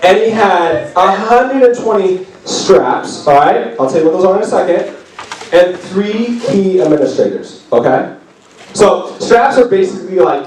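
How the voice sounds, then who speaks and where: Chatty youth pastor in an echoey room. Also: male voice, fairly high pitch, darkish tone, distant mic. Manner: chatty, filler-heavy, playful storytelling. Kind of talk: casual youth sermon. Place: youth group meeting room.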